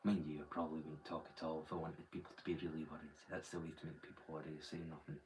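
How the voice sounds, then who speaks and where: A man putting on the voice of a quiet, menacing man who speaks in a low, gravelly whisper. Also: little pitch movement, distant mic, slight background noise. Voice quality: gravelly, hushed. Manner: slow, threatening murmur.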